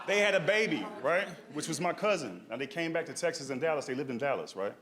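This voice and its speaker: A young man doing stand-up, telling a family story in a lively way and tagging his lines with "right?" and "dog". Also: on the high side, quick pace, heavy background noise. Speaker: stand-up comedian. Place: comedy stage.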